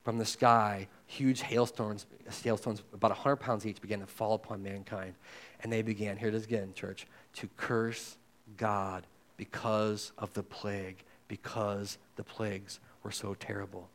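A man preaching a sermon as pastor, talking straight to his listeners and swinging between loud and hushed. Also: fairly low pitch, flat delivery, measured pace. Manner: conversational, addresses listeners directly.

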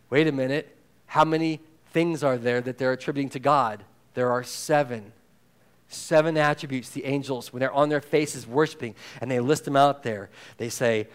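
A man preaching a sermon in a conversational way, acting out quoted voices and moving between loud emphasis and hushed intensity. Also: fairly high pitch. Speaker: pastor.

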